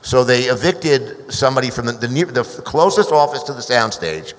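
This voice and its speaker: A man on a panel telling a long behind-the-scenes story, restarting often and turning animated when he quotes others. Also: medium pitch, moderate pace. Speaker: screenwriter guest. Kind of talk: anecdotal panel talk. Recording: hall reverb.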